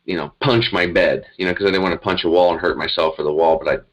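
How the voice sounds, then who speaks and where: A man with a deep, low voice tells his story as a guest. He rambles and talks in an animated, emphatic way. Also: quick pace, highs cut off. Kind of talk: conversational storytelling.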